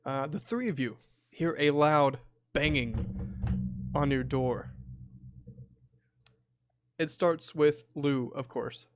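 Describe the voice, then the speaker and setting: A man's voice: a little high, slow, long pauses. A man narrating a tabletop horror game as game master, with many hesitant fillers.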